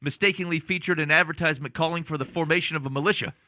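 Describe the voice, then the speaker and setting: A man hosting a podcast with a bright, forceful voice, rambling through asides and joking at his own expense. The sound is dry and close. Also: a little high, rapid-fire, dry recording. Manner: rambling, self-deprecating, laughs often. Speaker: podcast host. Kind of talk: casual chat.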